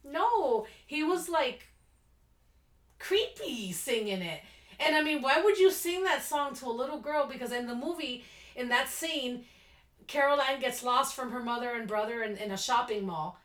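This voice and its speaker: A woman's voice: high voice, lively intonation, moderate pace, fairly bright tone, reverberant. A woman co-hosting a podcast, chatting casually and rambling through stories while often laughing. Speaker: podcast co-host. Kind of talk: casual chat.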